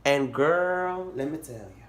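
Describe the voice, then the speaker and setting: Animated young man telling a story. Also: takes it slowly. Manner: animated, dramatic storytelling, high-pitched squeals when excited. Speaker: vlogger. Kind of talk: storytime vlog. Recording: echoey room.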